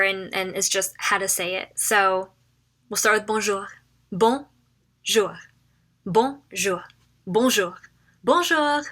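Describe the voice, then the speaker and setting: A woman runs through a casual phrase lesson in a chatty, informal way. Her tone is bright, and she repeats each phrase slowly so learners can follow. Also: medium pitch. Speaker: French phrase teacher.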